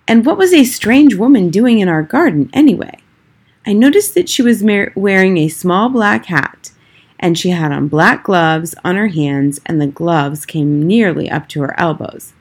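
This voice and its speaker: A woman narrates a children's novel aloud, measured and steady. Her voice is husky and sits fairly low. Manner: measured storytelling, first person. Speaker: reader.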